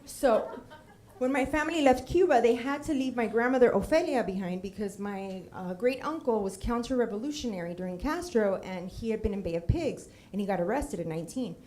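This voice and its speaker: Middle-aged woman from puerto rico, storytelling talk, funny and rambly, kinda high voice, faint rumble behind. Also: a little fast. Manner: lively, humorous, drifts into tangents and acted quotes. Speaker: storytelling speaker on stage. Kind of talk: personal storytelling talk with slides.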